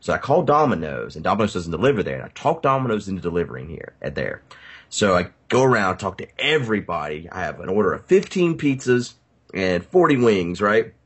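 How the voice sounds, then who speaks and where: A man hosting a casual podcast, telling a story with lots of swearing and acting out his own lines loudly. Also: low-pitched, sing-song, brisk, slightly rough. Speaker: podcast host.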